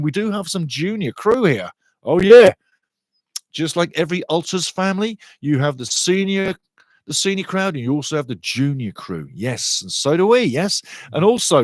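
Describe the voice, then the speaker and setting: Excitable male fan commentator, dry close mic. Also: no room sound. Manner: excitable, chatty, rises in pitch and volume on attacking play. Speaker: watchalong commentator and host. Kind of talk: live fan commentary with chat reading.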